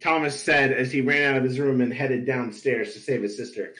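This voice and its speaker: A man's voice: medium pitch, a little fast, fairly bright tone. Man narrating with a laugh, echoey hall. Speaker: podcast host. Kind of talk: comic live reading of fan fiction. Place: convention panel room.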